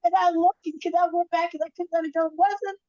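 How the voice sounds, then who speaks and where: A woman with a very high-pitched voice hosts a podcast, talking briskly in casual chat and telling stories with animation. She acts out what people said and swears freely, on a muffled recording.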